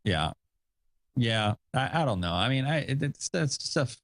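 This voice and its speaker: A man's voice: medium pitch, very animated, measured pace, a bit bright, no echo. A male podcast host chatting casually, rambling with fillers and self-deprecating asides, a father of young kids. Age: adult with young kids. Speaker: show host.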